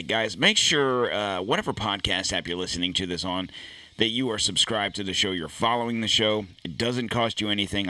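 A man's voice: fairly low pitch, pushed and bright, no echo. A middle-aged man hosting his own podcast, chatting casually and rambling with jokes and fillers. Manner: rambling, joking, many fillers. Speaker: podcast host. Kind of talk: casual chat. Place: home studio. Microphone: studio podcast mic.

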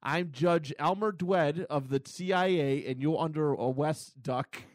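A man voicing a pompous male cartoon lawman who talks like a baby, slow and loud. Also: fairly high pitch, no room sound, lightly acted. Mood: triumphant.

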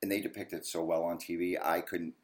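A man, a ghost hunter guest telling stories in a casual interview, animated and lively. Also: low voice, quick pace. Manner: animated storyteller, acts out yelling at the TV.

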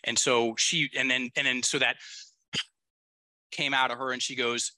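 A man's voice: mid-range voice, level tone, moderate pace, sharp tone, no room sound. A male coach who is a guest on a podcast, talking bluntly and with emphasis and some casual swearing. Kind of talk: podcast conversation.

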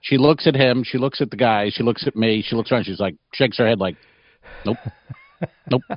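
A man's voice: medium pitch, fast, no room sound, dull audio. A man hosting a comedy podcast, telling rambling crude stories and laughing often. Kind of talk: casual comedic storytelling.

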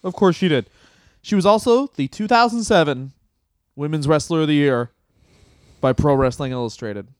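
A man's voice: fairly high pitch, expressive, normal speed, clear, resonant tone, no room sound, studio quality. A man co-hosting a comedy podcast, telling stories in a loose, profane way. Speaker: podcast co-host. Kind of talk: casual comedic chat.

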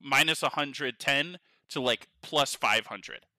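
An excitable man chatting on a podcast, rambling and breaking into laughs. His voice is very bright and edgy. The sound is dry and close. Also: mid-range voice, slow pace, no echo. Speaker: podcast co-host. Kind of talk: casual chat. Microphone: headphones on, podcast mic.

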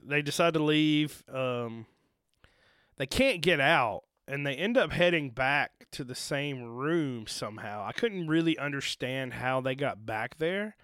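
Bright, smooth-voiced laid-back man. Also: medium pitch, a little slow, no echo. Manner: relaxed, agreeable, lots of fillers and affirming yeahs. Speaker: podcast co-host. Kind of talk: casual movie podcast chat.

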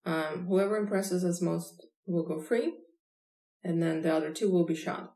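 Gravelly woman with a low voice in an echoey room. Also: steady tone, normal speed, warm tone. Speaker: podcast host. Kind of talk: casual chat, telling jokes.

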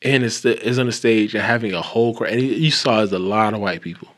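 A man hosting a casual podcast chat, telling long stories with restarts, swearing and animated asides. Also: on the low side, fast talker.

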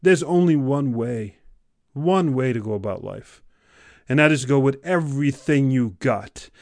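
A man delivers a motivational podcast monologue straight into the microphone. His voice sits at a middle pitch, and the sound is dry with no room around it. He pushes hard on his emphatic lines and then drops into quiet, intimate ones. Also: lively intonation, measured pace, creaky, no room sound. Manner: intense, emphatic, swings from loud exhortation to hushed intimacy. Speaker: podcast host.

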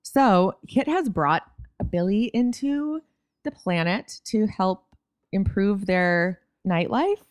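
A woman's voice: medium pitch, expressive, slow, a little mellow, no room sound, studio quality. A woman co-hosting a podcast, recapping a TV episode in casual, wry chat. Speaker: podcast co-host.

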